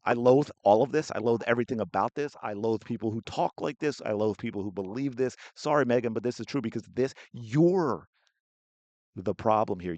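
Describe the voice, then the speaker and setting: A man's voice: mid-range voice, no room sound. A man hosting a sports podcast, giving heated, indignant solo commentary.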